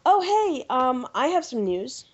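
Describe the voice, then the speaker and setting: A woman from the United States hosting a podcast, telling a story in a casual, animated way with lots of fillers. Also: high voice, a little slow, slightly rough. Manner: animated storyteller, lively filler-heavy delivery. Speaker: podcast host. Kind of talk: casual chat, anecdote telling. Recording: dull lo-fi podcast audio.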